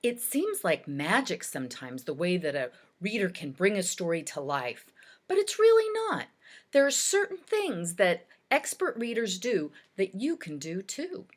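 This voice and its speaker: A woman teacher giving a recorded reading lesson to children, speaking in a deliberate, expressive way as she demonstrates how to read aloud. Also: fairly low pitch.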